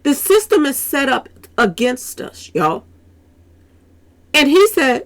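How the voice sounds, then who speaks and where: A woman reacts to a clip for her viewers, her voice pitched a little high and swinging widely. A gravelly edge runs through her talk, and she turns to the audience with "y'all" again and again. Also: takes it slowly, long pauses. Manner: animated, repeats "y'all" often, talks straight to viewers. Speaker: commentary channel host. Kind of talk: reaction commentary.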